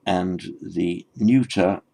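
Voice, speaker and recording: A man's voice: low-pitched, extremely slow, vocal fry, dark tone. A man lecturing on the meaning of old scripture, explaining word by word in a thoughtful way with frequent restarts. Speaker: teacher. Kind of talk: textual lecture on Pali scripture.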